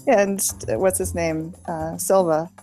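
Low-voiced woman in halting casual chat. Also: fairly even intonation, mellow, faint music behind. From New England. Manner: halting, many restarts.

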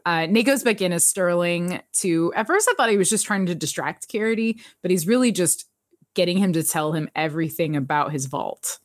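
In a dry, studio-quality recording, a woman hosting a podcast briskly and casually retells an episode. Her fairly low-pitched delivery is animated, full of laughter and performed character lines.

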